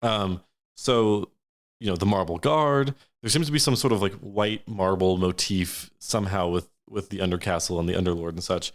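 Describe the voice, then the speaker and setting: A man's voice: deep voice, normal speed. A man narrating a tabletop fantasy game as game master, describing scenes at length with frequent restarts. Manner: descriptive, many fillers and restarts.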